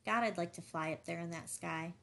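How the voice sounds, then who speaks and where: A woman's voice: fairly low pitch, fairly quick, vocal fry, a bit bright. A woman reading a restless, brooding young man. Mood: musing. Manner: musing, mock-commanding. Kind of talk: audiobook dialogue reading.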